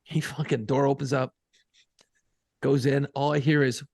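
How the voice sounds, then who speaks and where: A man co-hosting a podcast, telling a profane, animated story in casual banter and acting out other people's voices. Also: mid-range voice, normal speed, gravelly, no room sound, clean studio sound. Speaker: podcast co-host and radio program director.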